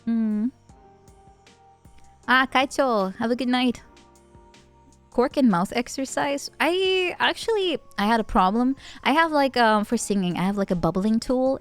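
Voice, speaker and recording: A young woman with a Dutch accent, a native Dutch speaker, streaming and chatting casually with viewers, giggly and playful. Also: medium pitch. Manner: giggly, playful, chatty, reading chat aloud. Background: faint background music.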